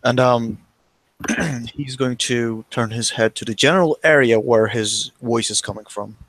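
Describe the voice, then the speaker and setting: A man playing a tabletop role-playing game, talking quietly and dryly. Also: mid-range voice, a little slow, no room sound, poor audio. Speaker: player.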